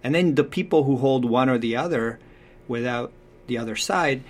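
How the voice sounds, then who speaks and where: A man talking earnestly about parenting in a relaxed conversation, acting out what parents and children say. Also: medium pitch, normal speed. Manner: acts out quoted voices, thoughtful and earnest. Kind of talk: conversational advice talk.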